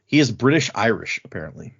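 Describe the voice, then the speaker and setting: A man's voice: fairly low pitch, big pitch swings, quick pace, creaky, husky. A man co-hosting a podcast, chatting casually about a book, laughing often and retelling scenes. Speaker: podcast co-host. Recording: dull lo-fi audio.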